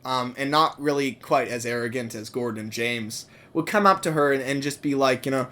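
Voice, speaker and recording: A man co-hosting a casual chat, animated, laughing often and full of fillers. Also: mid-range voice, a little fast, few pauses. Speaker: podcast co-host.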